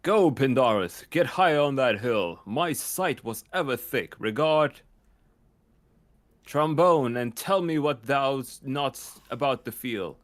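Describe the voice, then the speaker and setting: A man's voice: medium pitch, animated, slow. A man reading a proud, weary Roman general in a casual Shakespeare read-along, stumbling over the names.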